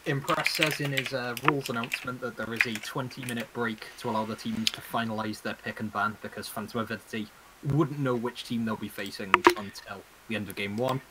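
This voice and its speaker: A man casting a video game stream, excitable and laughing, piling up protests. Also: mid-range voice, brisk, very noisy. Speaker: game caster. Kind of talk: casual game commentary.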